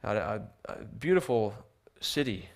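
A missionary preacher with a fairly low, gravelly, expressive voice takes an unhurried pace through a church sermon with slides. He repeatedly restarts with repeated words and poses rhetorical questions to his listeners.

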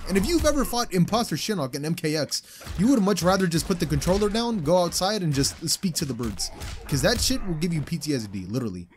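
A young man talks through a fighting game as he plays, his fairly high voice jumping around in pitch. He drops into low mutters, then breaks into excited, swearing outbursts. A faint ambient hum sits behind his voice. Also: fast. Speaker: gaming channel host. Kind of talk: live gameplay commentary.

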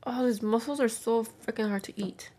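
A woman's voice: fairly high pitch, normal speed, dark tone. A young adult woman vlogger chatting casually on camera while eating, rambling through a story full of filler words and acting out what others said. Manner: rambling storyteller, acts out quotes.

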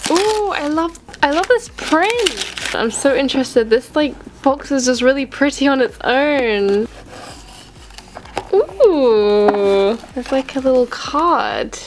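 High-voiced gushing woman unboxing gifts. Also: takes it slowly, noisy background. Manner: gushing, excitable, gasping with delight. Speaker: LPS collector vlogger. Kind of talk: unboxing vlog.

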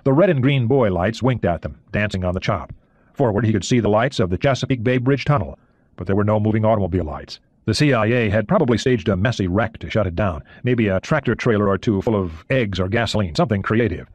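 A man reading a thriller audiobook in steady narration. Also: lowish voice, quick pace, no echo.

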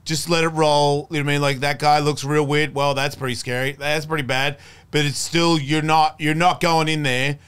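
A man's voice: a little high, normal speed, clean tone. A man guest on a podcast, telling stories in casual chat and acting out voices in his head as he goes. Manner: animated storyteller, acts out scared inner voices.

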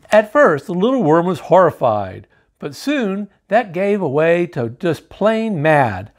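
A man reading a children's picture book aloud to kids, lively and showing the pictures as he goes. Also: a little high. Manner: lively, animated storytelling, pausing to show pictures.

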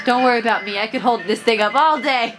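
A woman's voice: a little high, fast talker, natural voice, rough recording. A woman reading out a huge, swaggering male villain king from a video game, cocky and bossy, over game music.

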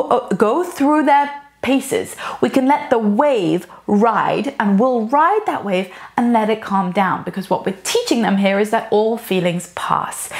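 A woman who teaches parenting, talking calmly and earnestly in a casual advice vlog, with an expressive lilt that stresses key words. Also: fairly high pitch, vocal fry. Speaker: parenting educator.

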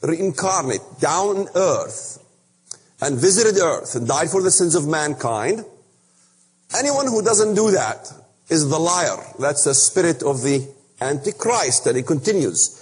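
A man preaching an impassioned sermon, emphatic and repetitive in a husky voice. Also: fairly high pitch, very animated, a little slow. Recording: echoey hall.

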